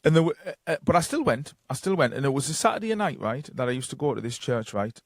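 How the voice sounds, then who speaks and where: A man's voice: medium pitch, big pitch swings, fast talker, gravelly, no room sound, studio quality. A man with a Geordie accent, telling long casual stories with many fillers as a guest on a podcast. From North East England. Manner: rambling anecdotes with many fillers and quoted dialogue. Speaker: guest psychic medium. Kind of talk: casual storytelling.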